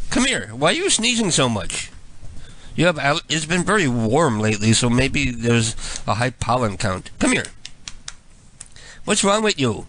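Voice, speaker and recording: A man's voice: mid-range voice, fairly bright tone, low-quality recording. A man hosting prank calls, teasing and crude, chuckling at his own jokes. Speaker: radio prank caller host. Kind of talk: crude prank-call banter.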